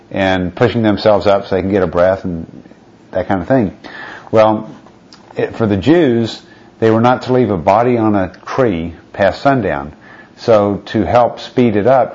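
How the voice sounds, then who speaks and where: Low-voiced man preaching a sermon. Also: darkish tone, muffled recording. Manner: reads scripture aloud, asks rhetorical questions.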